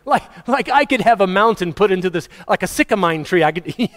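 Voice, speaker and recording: A man's voice: sits high, expressive, brisk, fairly bright tone. A man preaching a sermon to his congregation in a conversational way, chuckling and acting out quotes. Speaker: pastor. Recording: long hall reverb.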